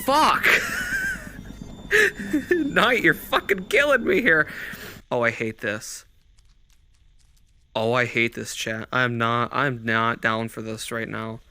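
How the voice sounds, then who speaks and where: A man's voice: mid-range voice, lively intonation, takes it slowly, pauses often, pushed and bright. A man streaming a horror game, jumpy and swearing constantly, with nervous laughter. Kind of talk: live horror game commentary.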